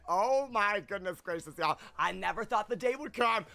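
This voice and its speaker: Bubbly high-voiced male streamer. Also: measured pace, vocal fry, hardly any pauses, pushed and bright, smooth. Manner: bubbly, effusive, sing-song greetings. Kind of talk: live game stream commentary.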